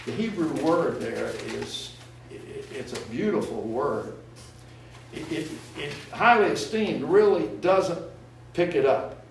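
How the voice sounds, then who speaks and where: A man's voice: fairly high pitch, slight background noise. A man preaching a sermon, teaching verse by verse and explaining word meanings to his congregation. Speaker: pastor. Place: church sanctuary. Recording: echoey room, voice from far off.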